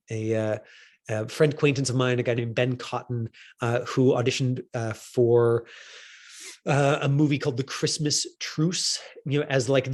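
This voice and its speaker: A man's voice: mid-range voice, a little mellow. A man working as an acting coach, giving a casual and rambling critique of a student's self-tape, full of fillers and restarts.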